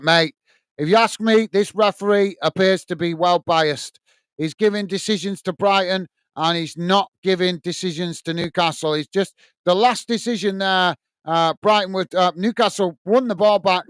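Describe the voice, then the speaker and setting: High-voiced indignant man ranting at referee. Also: normal speed, a bit bright, smooth, no echo. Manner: indignant ranting about the referee with chatty asides. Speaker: football watch-along host. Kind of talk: live match watch-along commentary, reading chat.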